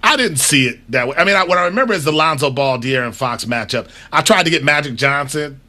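A man co-hosting a sports radio show, animated and often laughing in casual talk. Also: a little high, quick pace.

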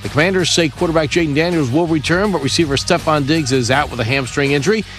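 A man reading a scripted sports news bulletin as the anchor, in a brisk newsreader delivery. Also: a little high, fairly bright tone, soft background music.

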